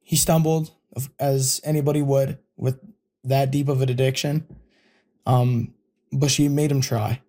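A young man telling a personal family story in an interview, casual and heartfelt, pausing often with fillers. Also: medium pitch, little pitch movement, dark tone. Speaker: guest.

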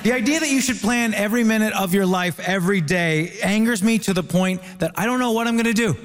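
A man's voice: high-pitched, quick pace. A man from Ontario doing stand-up style banter as a comedy panelist, wry and rambling, on stage before a live audience. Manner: wry, rambling, deadpan jokes. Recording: roomy hall with live audience and noise.

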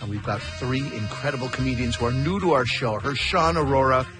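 A man's voice: mid-range voice, a little fast. Male radio host, upbeat scripted promo read, music bed behind. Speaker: radio comedy show host. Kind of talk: scripted announcing. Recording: broadcast voice-over with music bed.

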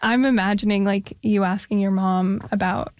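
A woman's voice: medium pitch, steady tone, moderate pace, a little mellow, no room sound, clean studio sound. A woman hosting an interview, asking thoughtful and encouraging questions. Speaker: interviewer host. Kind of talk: podcast interview.

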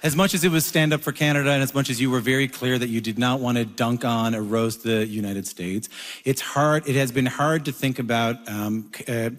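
A man's voice: mid-range voice, fairly even intonation, brisk, long reverb tail. A man hosting an interview, asking long, meandering questions with fillers. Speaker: interviewer host.

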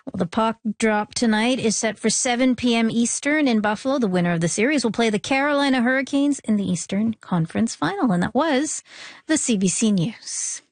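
A friendly woman reads the news on the radio and then banters with the hosts. Her voice is a little higher than average. The sound is close and dry. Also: brisk, dry recording. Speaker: newsreader. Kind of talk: news reading and casual chat.

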